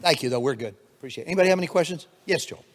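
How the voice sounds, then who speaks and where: An older man giving a motivational keynote speech, energetic storytelling with acted-out quotes, in a conference room on a handheld mic. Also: on the high side, very fast. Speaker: keynote speaker. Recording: long reverb of a hall.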